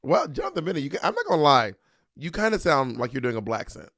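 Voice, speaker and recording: A man co-hosting a comedy podcast, teasing and quick with deadpan asides. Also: a little high, no echo, studio quality. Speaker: podcast co-host. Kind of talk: casual comedic chat.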